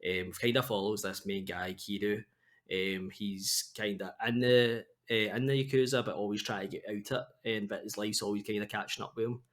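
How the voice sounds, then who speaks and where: A man's voice: lowish voice, steady tone, moderate pace. A man co-hosting a podcast, explaining things in an easygoing way with fillers. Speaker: podcast co-host. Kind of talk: casual chat.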